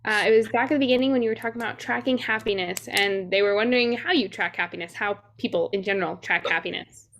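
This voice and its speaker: A woman moderating, reading out audience questions quickly. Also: mid-range voice, fairly bright tone, a little hiss or hum.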